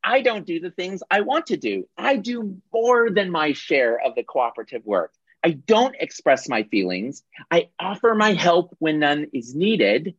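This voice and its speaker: A man's voice: on the high side, very animated, unhurried, fairly bright tone, slightly rough, dry recording, pitched above the performer's own voice, exaggerated voice. A man doing an overeager, self-assured rescuer. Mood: earnest. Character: overeager adult helper playing the rescuer. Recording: dull dry video-call audio.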